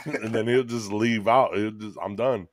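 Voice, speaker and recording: A man's voice: on the low side, steady tone, measured pace, no room sound. Laid-back, swearing man telling stories. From Michigan. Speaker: co-host. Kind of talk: casual chat.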